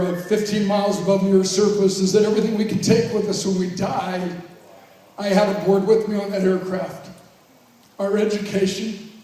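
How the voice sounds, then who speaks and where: A high, mellow male voice in his fifties, caught from far off by the microphone as it echoes through a large hall. He speaks in a fairly even tone, emotional and reflective, with slow pauses and a few jokes. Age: 50s. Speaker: alumnus giving a reunion speech. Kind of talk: heartfelt speech with jokes. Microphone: handheld microphone heard from far off.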